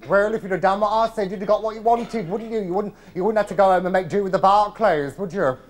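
A man's voice: sits high, quick pace, lightly acted. Man impersonating a camp, drawling comedian. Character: camp nasal older male comedian, arch, gossipy. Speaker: stage performer in one-man show. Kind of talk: live stage impression. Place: large theatre, live audience.

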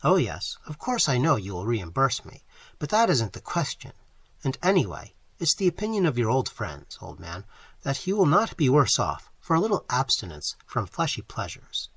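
A man doing a brisk, teasing young man. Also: medium pitch, wildly swooping pitch, fairly bright tone, husky, no echo, full character voice. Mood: lecturing.

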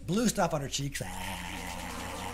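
Man reading a children's story, animated sing-song delivery, noisy home recording. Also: low voice, slow pace. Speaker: reader. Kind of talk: children's story read-aloud.

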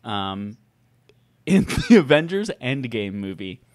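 Animated, chatty male podcast co-host. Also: medium pitch, slow, no echo. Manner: chatty, laughs often, acts out quotes loudly. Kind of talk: casual chat.

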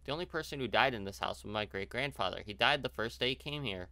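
A man reading the lines of a dismissive young male character in a horror game, in a flat, offhand way. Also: mid-range voice, fast talker, no echo.

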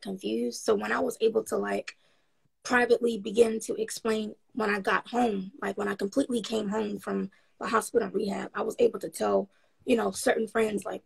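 Woman guest, rough breathy rasp, rambling frank storyteller with lots of ums, upbeat. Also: medium pitch, darkish tone, rough recording. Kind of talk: casual interview storytelling.

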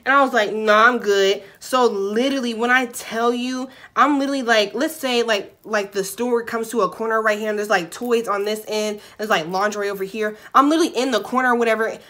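A young woman vlogger telling a storytime in an animated, profane, dramatic way. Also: a little high. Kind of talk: storytime vlog.

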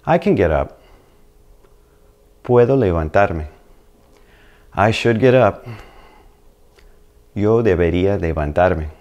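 A middle-aged man with a very low voice runs a relaxed language lesson. He talks in a chatty, patient way and keeps checking in with the listener. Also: takes it slowly, long pauses, lo-fi sound. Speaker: Spanish teacher.

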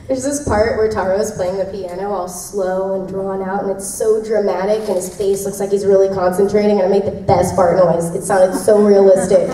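A voice actress telling convention fans behind-the-scenes stories in a giggly, rambling way. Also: female voice, mid-range voice, fairly even intonation, moderate pace, mellow. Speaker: voice actress answering fan questions. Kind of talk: casual convention Q&A. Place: convention panel room. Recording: echoey room from far off, faint noise.

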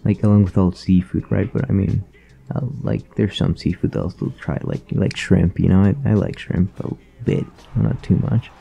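Tired, gravelly low-voiced young man. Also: flat delivery, moderate pace, mellow, highs cut off. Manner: profane, slangy, laid-back. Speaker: vlogger. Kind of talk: casual rambling storytelling.

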